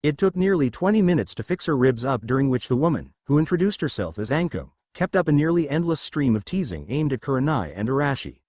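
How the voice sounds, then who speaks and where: A man's voice: mid-range voice, sing-song, fast, few pauses, darkish tone, dry recording. A man narrating fan fiction as a storyteller.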